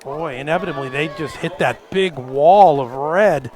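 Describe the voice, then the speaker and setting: A man giving folksy, joking color commentary at a live high school football game. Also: measured pace, very noisy. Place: outdoors at a high school stadium. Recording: outdoor stadium with crowd.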